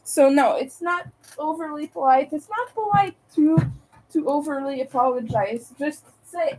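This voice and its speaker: A high-pitched woman from Montreal, Canada, livestreams to her audience at a measured pace, chatting casually and often laughing between her candid, opinionated remarks. The audio quality is poor.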